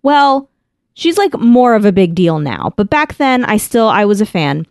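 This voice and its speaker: In a dry, studio-quality recording, a woman with a mid-range, slightly mellow voice co-hosts a podcast. Very animated but speaking a little slowly, she rambles through a story in casual chat, leaning heavily on "like" and often restarting.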